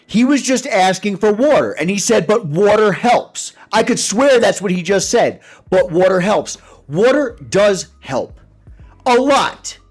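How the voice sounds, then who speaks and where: A high-voiced man gives reaction commentary in an animated way, his pitch swinging up and down as he talks. He chuckles often while he breaks down what he is watching.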